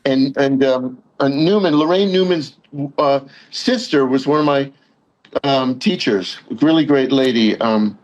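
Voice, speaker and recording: A middle-aged man from Long Island, a guest in casual chat, talking haltingly with many fillers and agreeing warmly. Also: medium pitch, lo-fi sound. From Long Island, New York.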